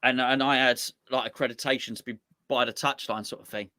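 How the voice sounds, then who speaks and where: Male co-host, bright tense voice, bantering, dry recording. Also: mid-range voice, fairly even intonation, fairly quick, dry recording. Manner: chatty, laughing banter. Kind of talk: casual chat.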